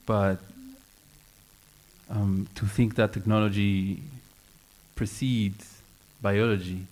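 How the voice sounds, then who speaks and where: A man's voice: lowish voice, little pitch movement, slow, darkish tone. A man speaking on a panel at a round-table discussion, thoughtful and hesitant, with many fillers and restarts.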